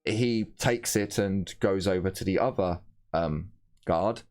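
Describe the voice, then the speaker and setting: A man's voice: low-pitched, slow pace, darkish tone. A man narrating a tabletop game as game master, wandering along with plenty of fillers and restarts. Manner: meandering, full of fillers and restarts.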